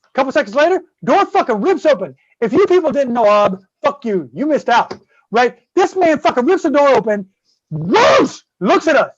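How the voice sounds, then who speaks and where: A man's voice: very high voice, sing-song, fairly quick, dry recording. Rambling, swearing man telling a story. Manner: rambling, swears constantly, keeps asking "right?". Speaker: guest host telling a story. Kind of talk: casual profane storytelling. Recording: dull, dry close-mic sound.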